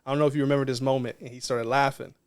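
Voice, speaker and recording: A man's voice: medium pitch, flat delivery, very fast, clear, resonant tone. A man, a non-profit co-founder, telling a personal story in a casual interview in an earnest, reflective way.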